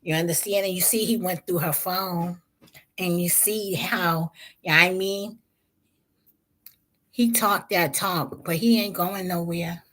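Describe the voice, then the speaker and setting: A woman's voice: lowish voice, steady tone, unhurried, pauses often, a bit bright. A woman hosting a vlog, giving blunt, slangy, profane commentary on celebrity drama. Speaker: vlog host.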